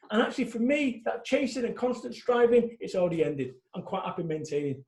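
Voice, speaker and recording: Blunt fired-up guy in his 40s, high voice, echoey room. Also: brisk. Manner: animated, blunt, swears. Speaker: guest speaker. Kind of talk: casual interview talk.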